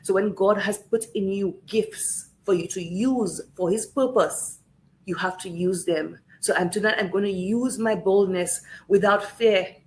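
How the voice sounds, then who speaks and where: A woman's voice: medium pitch, unhurried, a little hiss or hum, poor audio. Tearful, earnest woman on a livestream. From Saint Lucia. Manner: emotional, earnest, repeats phrases for emphasis. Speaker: livestream host speaking on politics. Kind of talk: impassioned livestream address. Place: home in Canada.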